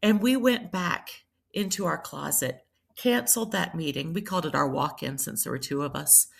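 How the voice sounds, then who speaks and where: A woman's voice: on the low side, moderate pace, creaky, breathy edge. A middle-aged woman from South Carolina, a priest and nurse telling her life story in a podcast interview, reflective and full of ums and restarts. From Charleston, South Carolina.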